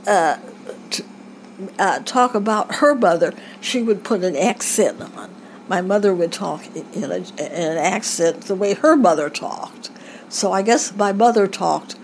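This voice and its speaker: Older woman interviewee, halting rambling reminiscence, faint background hiss. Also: medium pitch, darkish tone, rough recording. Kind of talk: family oral history recollection.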